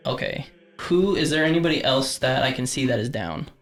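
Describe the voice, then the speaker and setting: A man's voice: medium pitch, lively intonation, a little fast, soft background music. A man playing a tabletop game, methodically describing his characters' moves and politely correcting himself. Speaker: player.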